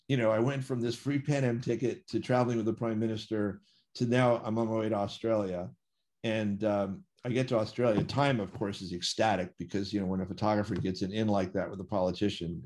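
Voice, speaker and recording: A man's voice: on the low side, steady tone, moderate pace, a little mellow. An American man telling long personal anecdotes as an interview guest over a video call, with many fillers and self-corrections. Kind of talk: storytelling in a conversation.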